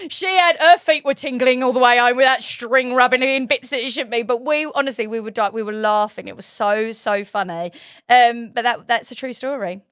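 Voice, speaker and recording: A bubbly woman hosts a casual chat, her voice sitting a little high as she rattles off stories between fits of giggles. The recording is close and dry, with no room sound around her. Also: clear, resonant tone, dry recording. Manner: giggly animated storytelling. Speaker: host and waxing trainer.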